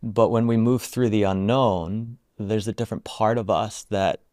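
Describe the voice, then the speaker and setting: A man telling a story in an interview about guiding people through retreats, speaking softly and haltingly with many "like"s. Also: lowish voice, fairly even intonation, dry recording, clean studio sound. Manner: soft-spoken, halting, full of "like". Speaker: retreat founder and guest.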